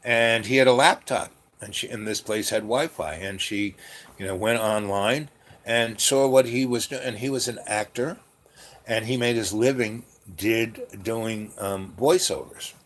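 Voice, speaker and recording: A man hosting his own channel, telling a long story in a meandering way with lots of fillers and restarts and frequent throat clearing. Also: on the low side, unhurried, a bit bright. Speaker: channel host. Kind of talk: rambling storytelling monologue.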